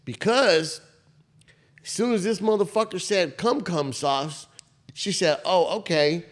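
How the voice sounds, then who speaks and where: A man with a high voice, speaking a little slowly, co-hosts a podcast. In loose, profane banter he animatedly tells a funny anecdote, laughing at it as he goes.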